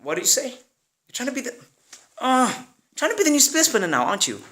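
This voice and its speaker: A man voicing an eager, excitable young male villager. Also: very high voice, fast, pitched above the performer's own voice, heavily acted.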